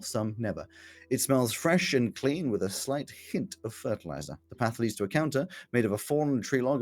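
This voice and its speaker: A man narrating a tabletop game as game master, descriptive and halting, with many restarts. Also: mid-range voice, darkish tone.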